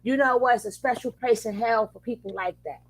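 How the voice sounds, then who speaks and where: A woman's voice: a little high, brisk, a crowd in the background, low-quality recording. A woman hosting a reaction commentary, speaking angrily with cursing and restarted phrases. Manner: angry, profane, restarts phrases. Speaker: reaction channel host.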